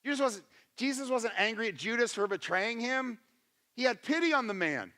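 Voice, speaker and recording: A man's voice: extremely high pitch, lively intonation, normal speed, bright, forceful tone. A male pastor preaching a sermon, conversational and emphatic, asking his congregation questions and acting out quotes. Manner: emphatic, acts out quotes in voices.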